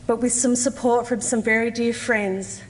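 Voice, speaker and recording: Aussie woman reading her story slow and earnest, kinda high voice, big echoey conference hall. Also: steady tone. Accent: Australian. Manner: measured, earnest, with slow deliberate pauses. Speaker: conference speaker. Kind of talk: personal testimony, read aloud.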